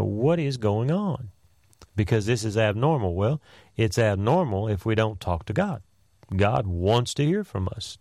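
A man preaching a conversational sermon, often pausing with "you know" and "uh". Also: lowish voice, creaky, darkish tone, dry recording, clean studio sound.

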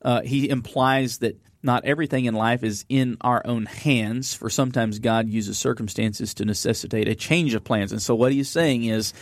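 A man's voice: medium pitch, steady tone, normal speed, few pauses, dry recording. Man teaching scripture, dry close sound. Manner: reads scripture aloud, then explains it with fillers. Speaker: Bible study host. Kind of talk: conversational Bible teaching.

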